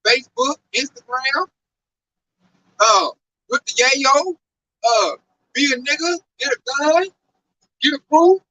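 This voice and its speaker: A man's voice: extremely high pitch, lively intonation, takes it slowly, long pauses, bright, forceful tone. A man giving a casual religious talk in an emphatic, repetitive way, often tacking on "man" at the end of a phrase. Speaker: religious teacher. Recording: distant mic with faint noise.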